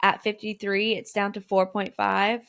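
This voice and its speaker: A podcast co-host with a creaky, medium-pitched voice talks through a race in casual chat at a normal speed. She is an animated storyteller who acts out quotes with feeling.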